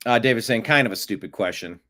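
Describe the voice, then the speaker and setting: A man's voice: mid-range voice, quick pace, bright, forceful tone. A man hosting a news commentary show, talking casually with an amused, rambling manner and frequent restarts. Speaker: show host.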